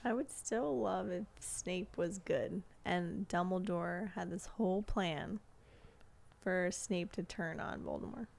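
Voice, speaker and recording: Woman with a creaky voice, playful. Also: fairly low pitch, takes it slowly, a little mellow, a little hiss or hum. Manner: playful, laughing, hopeful speculation. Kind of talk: casual book discussion.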